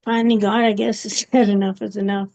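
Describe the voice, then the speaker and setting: A woman giving a personal testimony in an interview, speaking haltingly with many pauses and fillers. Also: medium pitch, little pitch movement, darkish tone. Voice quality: gravelly. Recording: dull, muffled recording.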